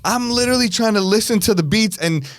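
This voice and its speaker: A man's voice: high-pitched, fast, no echo. Direction: laid-back man host telling a story. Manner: animated, laughing storyteller. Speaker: podcast host. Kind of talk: casual storytelling chat.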